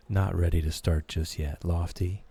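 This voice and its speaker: Soft-spoken deep-voiced man streaming a game. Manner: soft-spoken, slow and soothing. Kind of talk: calm gameplay commentary for sleep. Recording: background music.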